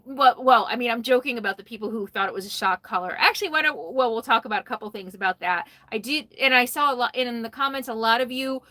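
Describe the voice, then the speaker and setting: A woman hosts a casual livestream, talking into a phone held close from inside her RV. Her voice sits a little high and sounds bright and forward, with a dry, close sound. She comes across tired but chatty, greeting viewers by name and laughing often. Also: dry recording. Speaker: RV vlogger hosting a livestream. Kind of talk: casual live stream chat.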